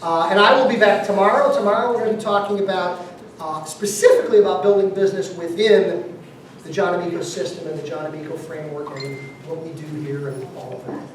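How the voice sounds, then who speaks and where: A man's voice: high voice, fairly even intonation, fast. A man giving an emphatic motivational seminar talk, repeating key numbers and quizzing his audience. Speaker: business seminar speaker. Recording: very echoey room, mic far off, faint noise.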